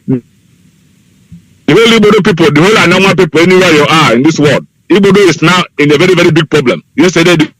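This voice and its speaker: This is a dry phone recording of a male caller on a radio show, his voice fairly high and a bit bright. He pleads fervently down the line, repeating his appeals again and again.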